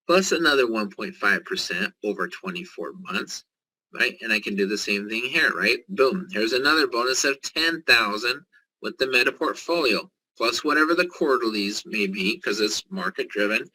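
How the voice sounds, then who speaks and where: Brief: male presenter, eager live sales pitch, sharp bright timbre. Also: slightly rough, poor audio. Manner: excited, salesy, joking.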